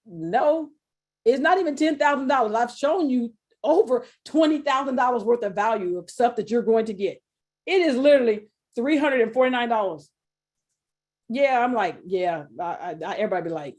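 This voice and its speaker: Mellow-voiced woman pitching a webinar. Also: fairly quick. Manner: chatty and animated, acts out quoted voices, laughs often; informal, colloquial phrasing. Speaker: webinar presenter selling an NFT course. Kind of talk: casual sales webinar talk.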